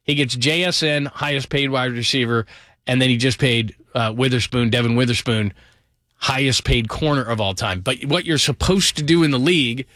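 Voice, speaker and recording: A middle-aged man delivers a fired-up football talk monologue, hammering his points with emphatic repeats and quick asides. His voice sits in an ordinary middle register. The recording is dry and close, with no room sound. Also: medium pitch, a bit bright, no room sound. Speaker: football commentator.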